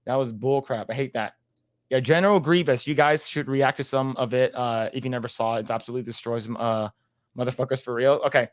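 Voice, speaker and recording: A man's voice: mid-range voice, steady tone, a little fast, dry recording, clean studio sound. A man co-hosting a casual livestream podcast, reading chat comments aloud in a laid-back way and laughing often.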